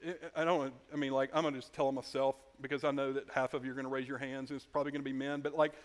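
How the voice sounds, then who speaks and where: A man preaching a sermon in a conversational way, often restarting his sentences and dropping into quiet asides. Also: medium pitch, flat delivery, racing. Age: adult. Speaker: pastor.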